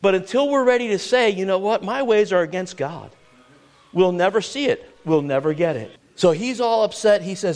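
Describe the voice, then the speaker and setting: A man's voice: high voice, expressive, normal speed, darkish tone. A man preaching a sermon as pastor, pressing the congregation with emphatic rhetorical questions.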